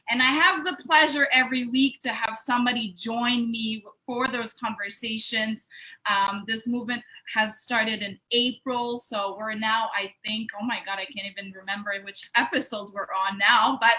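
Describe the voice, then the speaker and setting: Bubbly bright-voiced woman hosting a live show. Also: high-pitched. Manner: bubbly, laughing, enthusiastic. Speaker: host. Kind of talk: casual live video chat.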